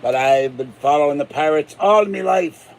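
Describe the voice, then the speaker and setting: A man's voice: fairly high pitch, moderate pace, gravelly, a little mellow. An older man from Pittsburgh, a channel host rambling through jokes and tall tales in a casual monologue. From Pittsburgh, USA. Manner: joking, chuckling, tall tales.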